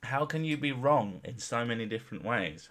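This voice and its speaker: A man's voice: mid-range voice, animated, moderate pace, a bit bright. A man hosting a casual chat, teasing his co-host with dry, mock-exasperated humour. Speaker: podcast host.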